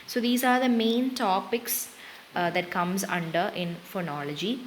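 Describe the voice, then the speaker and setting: A young woman with an Indian English accent teaches an exam-prep lesson at an unhurried pace. She moves steadily from term to term with short pauses, in a mid-pitched voice. A faint hiss sits under the recording. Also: poor audio. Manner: slow, steady, listing terms with brief pauses.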